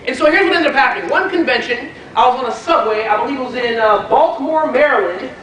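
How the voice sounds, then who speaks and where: A high-voiced man gives a motivational business training to a live audience, telling stories with animated energy and throwing questions at the room. His voice booms around a large echoey hall and is caught from a distance. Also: fast talker, slight background noise. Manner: animated storytelling, quizzing the audience. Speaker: network marketing trainer.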